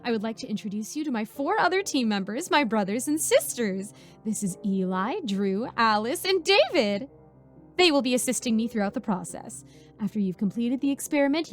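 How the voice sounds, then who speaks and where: A woman voicing a sweet but creepy motherly woman who runs a medical experiment, speaking in a sing-song, overly soothing way. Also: a little high.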